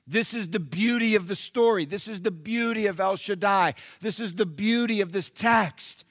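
A middle-aged man preaching a sermon to his church, rising to loud emphatic peaks and dropping to hushed, intimate asides. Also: high-pitched, no room sound, studio quality. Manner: acts out biblical characters in quick voices. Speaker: pastor.

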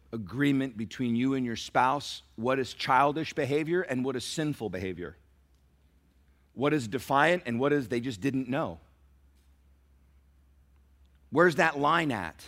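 A middle-aged man preaching a sermon to parents, swinging from soft, near-whispered lines to loud emphatic peaks and acting out dialogue as he tells stories. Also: mid-range voice. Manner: acts out quoted dialogue in a storytelling sermon. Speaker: pastor.

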